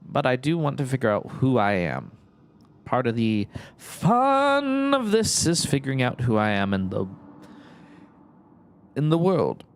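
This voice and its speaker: A man's voice: medium pitch, huge pitch swings, a little slow, smooth. A man narrating his gameplay in a rambling, musing way, often correcting himself with chuckling asides. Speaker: let's-play host.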